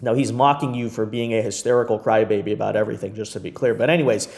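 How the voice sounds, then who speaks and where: A man's voice: fairly low pitch, fairly even intonation, fast talker, creaky, a little mellow. A man hosting a political commentary video, talking in an emphatic, repetitive, mocking way.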